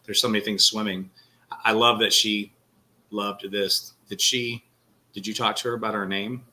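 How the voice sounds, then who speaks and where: A man with a Texan accent co-hosting a podcast, gentle and sympathetic in a casual conversation. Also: fairly low pitch, little pitch movement, moderate pace. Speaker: podcast co-host.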